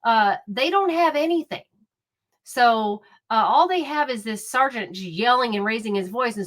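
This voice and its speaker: A woman's voice: on the high side, normal speed, a bit bright. A woman giving casual true crime commentary, talking in an indignant, chatty way with many fillers and restarts.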